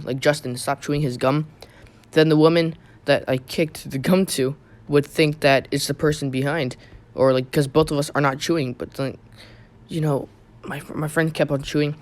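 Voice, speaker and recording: A young man casually telling a personal story on his channel, rambling with many fillers and restarts. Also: a little high. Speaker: YouTube storyteller.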